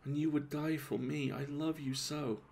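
A man's voice: fairly high pitch, steady tone, moderate pace, slight background noise, voice pushed up. A man voicing a languid young vampire woman. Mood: languid, murmuring. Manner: soft, breathy, murmuring.

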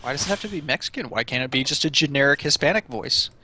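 A man's voice: fairly high pitch, expressive, quick pace, bright, forceful tone. A man co-commentating on a video game, with teasing, sarcastic remarks. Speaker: let's play co-host. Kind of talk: casual gameplay commentary.

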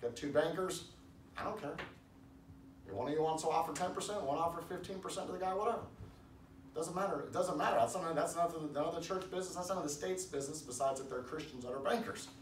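A man preaching a casual sermon in a church, rambling with restarts and loud emphatic bursts. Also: on the high side, fast talker. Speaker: pastor. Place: church hall. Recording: echoey room, distant mic, faint background noise.

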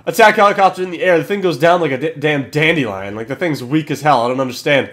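A young man hosting a gaming channel, giving excitable commentary over his match, swearing and yelling at kills. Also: on the high side, quick pace. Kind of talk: gameplay commentary.

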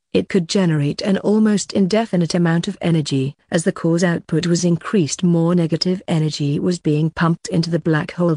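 An audiobook narrator reading a science fiction story in an even, steady way. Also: medium pitch, no echo, clean studio sound. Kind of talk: scripted narration.

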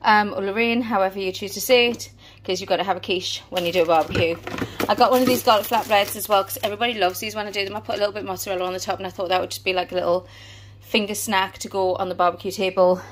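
Racing through a family shopping haul, a breathless British woman in her thirties chats in a casual vlog. Her medium-pitched voice keeps a steady tone, and slight hiss or hum sits under the audio.

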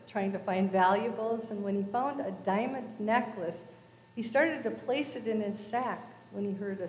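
A woman's voice: medium pitch, slight background noise. A woman at a church service telling jokes to the congregation, acting out the characters. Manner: storytelling with voices for characters. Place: church sanctuary. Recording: echoey church hall.

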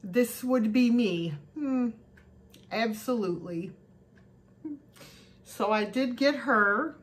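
Slow, chatty woman showing off thrift finds. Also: a little high, slight background noise. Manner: chatty, gushes over cute finds. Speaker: thrift haul vlogger. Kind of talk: casual show-and-tell chat.

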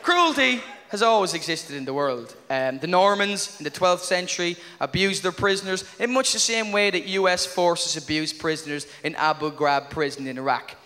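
An Irish man doing a stand-up comedy routine, telling wry stories at a quick clip and acting out little asides, with audience laughter behind him. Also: high voice, lively intonation, bright, forceful tone, long reverb tail. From Ireland. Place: live comedy venue with audience. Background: audience laughter and room noise.

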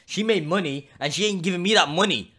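A man's voice: high-pitched, fast. A man live streaming, chatting casually, swearing and laughing as he tells stories. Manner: animated, swearing, laughing, storytelling.

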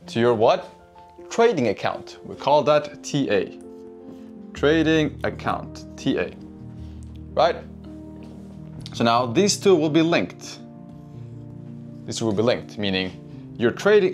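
A man's voice: mid-range voice, darkish tone. Profane, chatty man teaching trading. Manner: profane, keeps asking "right?", addresses chat. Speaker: trading educator. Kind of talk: casual whiteboard trading lesson.

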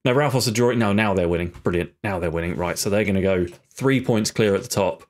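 A man's voice: on the low side, fast talker. A man commentating his own football management game, muttering and swearing in frustration as his team plays badly. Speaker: gaming YouTuber. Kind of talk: live football-sim commentary.

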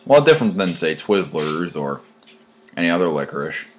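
A man's voice: low voice, very animated, fairly quick. A man hosting a casual food tasting vlog, blunt and a bit crude in how he talks. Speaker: food vlogger host.

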